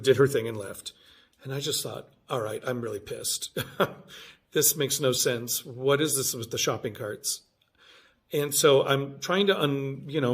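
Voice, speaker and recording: A man in his fifties telling a rambling personal story in a casual vlog, often correcting himself and getting animated when he quotes himself. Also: mid-range voice. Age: 50s. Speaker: vlogger.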